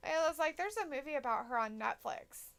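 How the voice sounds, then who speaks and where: A woman's voice: high-pitched, expressive, a little fast, fairly bright tone. A woman co-hosting a casual wrestling live stream, reading viewer comments aloud and reacting bluntly with plenty of swearing. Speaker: co-host reading chat.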